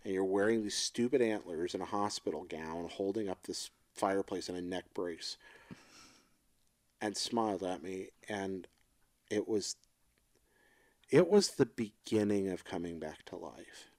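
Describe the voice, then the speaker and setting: A middle-aged man co-hosting a casual chat, talking in a reflective, emotional and halting way. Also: deep voice, darkish tone. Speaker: podcast co-host.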